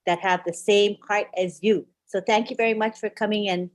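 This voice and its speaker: A woman's voice: mid-range voice, steady tone, moderate pace. A woman hosting a webinar, speaking in an encouraging way. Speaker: webinar host. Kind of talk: casual hosting.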